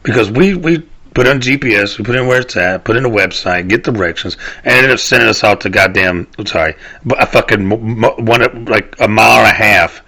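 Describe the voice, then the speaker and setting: Gravelly, profane man ranting. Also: lowish voice, brisk, hardly any pauses, pushed and bright. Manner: rambling, profane, laughs at his own stories. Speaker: podcast host. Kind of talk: casual ranting monologue.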